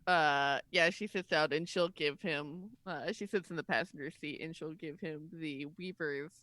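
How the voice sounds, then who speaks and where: Bright, dry-sounding woman player. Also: deep voice, moderate pace, no echo. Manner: casual, filler-heavy talk. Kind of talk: tabletop game play.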